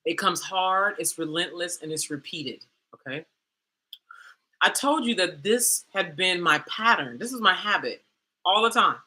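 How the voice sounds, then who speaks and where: Bright-voiced, animated woman coach. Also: on the low side, unhurried. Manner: animated and dramatic, slangy, calls the listener girl and baby. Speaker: coach and host. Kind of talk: candid personal storytelling to the camera.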